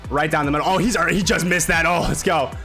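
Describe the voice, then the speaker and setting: Male gaming host, pitched a bit high, bright and forward, hyped play-by-play over soft game music. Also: racing. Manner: excitable, trash-talks his own players, swears. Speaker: gaming video creator. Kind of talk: casual live gameplay commentary.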